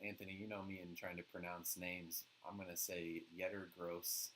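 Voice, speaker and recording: A man co-hosting a sports podcast in casual chat, relaxed and steady as he leads each segment. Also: deep voice, normal speed, a little hiss or hum, poor audio. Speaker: podcast co-host.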